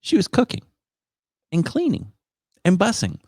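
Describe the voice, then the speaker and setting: Male podcast host, casual storyteller, animated delivery, dry studio sound. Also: high voice, unhurried, no echo. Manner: animated, quotes others in put-on voices.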